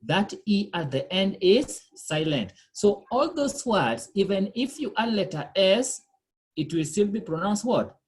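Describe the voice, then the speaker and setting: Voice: mid-range voice, very animated, a little slow. A language teacher giving a pronunciation lesson, quizzing the class, repeating words patiently and checking in with "okay?" and "eh?".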